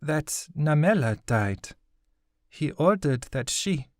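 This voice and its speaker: A man doing a soft, haunted young woman. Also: on the high side, lively intonation, dry recording, studio quality, voice pushed up. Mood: haunted, halting. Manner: halting, breaking off mid-sentence.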